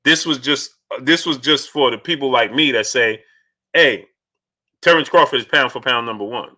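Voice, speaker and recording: Bright-voiced animated male boxing streamer. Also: mid-range voice, moderate pace. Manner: animated, greets viewers by name mid-argument. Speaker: live stream host reading super chats. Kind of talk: casual live-stream boxing talk.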